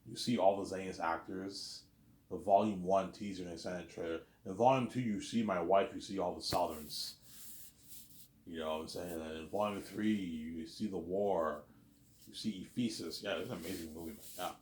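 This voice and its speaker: A man's voice: low voice, fairly even intonation, normal speed, darkish tone, echoey room, a little hiss or hum. A man talking to his own camera in a long, rambling monologue, boastful and repetitive, swearing often. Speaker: vlogger. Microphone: camera he sets up himself.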